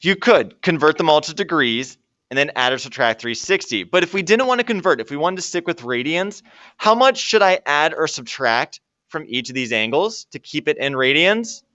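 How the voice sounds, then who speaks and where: A man's voice: on the high side, animated, normal speed, pushed and bright, no echo, dull audio. A man teaching a math lesson to a classroom and joking with his students as he works through problems. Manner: jokey, talks to students while working problems. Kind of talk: classroom lecture.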